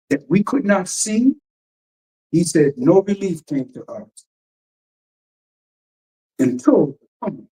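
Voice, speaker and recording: A man's voice: high voice, dark tone, breathy edge, poor audio. A man minister preaching emphatically and firing rhetorical questions, reading passages aloud and explaining them. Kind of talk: radio teaching sermon.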